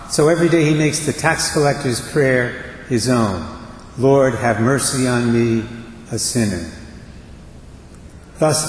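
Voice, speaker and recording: A man giving a homily as a priest, speaking in a measured, earnest way with slow emphatic phrases. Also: medium pitch, a little hiss or hum. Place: church. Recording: echoey church with long reverb.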